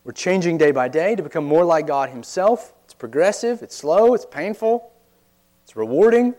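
Male pastor, slightly raised pitch, earnest conversational sermon, asks rhetorical questions. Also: expressive, normal speed, darkish tone.

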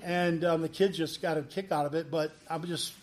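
A man who is a pastor, telling a personal testimony in an animated way and acting out the lines of people in his story. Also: fairly high pitch, a little fast. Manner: animated, acts out quoted dialogue.

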